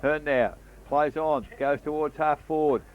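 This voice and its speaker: Slightly high-voiced and unhurried, a male football commentator with an Australian accent keeps a steady tone as he covers a local match on radio. He talks conversationally, plugging gaps between plays with "uh," and the lo-fi broadcast audio is dull with slight background noise.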